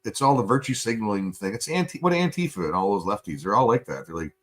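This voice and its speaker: A Canadian podcast host rants heatedly and swears a lot during a casual chat, speaking into a studio mic. His voice is fairly low, expressive and fast.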